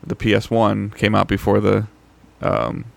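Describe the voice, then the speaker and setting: A man co-hosting a gaming podcast in casual chat, halting along with many fillers and restarts. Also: on the low side, little pitch movement, vocal fry. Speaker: podcast co-host.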